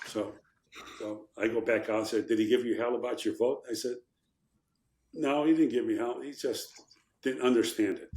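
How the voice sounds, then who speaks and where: A man's voice: medium pitch, steady tone, moderate pace, pauses often, darkish tone, roomy sound. An older man from Chicago, a former congressman, tells anecdotes in a podcast interview and acts out the quotes with animation. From Chicago, USA.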